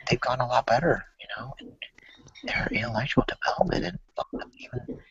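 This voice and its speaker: A man in a casual podcast conversation, speaking softly and often half-whispered. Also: medium pitch, animated, fast talker, gravelly, breathy edge, no echo, muffled recording.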